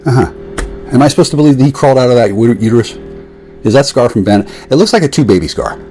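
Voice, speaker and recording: A man's voice: animated, quick pace, dark tone, soft background music. A man delivering a profane, sarcastic, confrontational rant at an absent woman. His delivery swings from jeering outbursts to muttered asides. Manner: lurching between jeering highs and muttered asides. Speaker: vlogger. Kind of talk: one-sided rant addressed to an absent woman.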